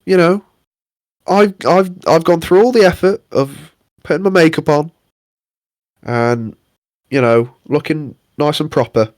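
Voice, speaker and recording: A man's voice: fairly high pitch, unhurried, darkish tone, no echo, clean studio sound. Sweary young man ranting. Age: young adult. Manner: sweary, exasperated ranting with mock impressions. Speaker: podcast co-host. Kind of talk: casual ranting chat.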